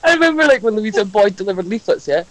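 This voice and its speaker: A woman's voice: medium pitch, sing-song, fast talker, low-quality recording. Giggly swearing woman telling stories. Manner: giggly storyteller, swears a lot. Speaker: podcast co-host. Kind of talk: casual chat.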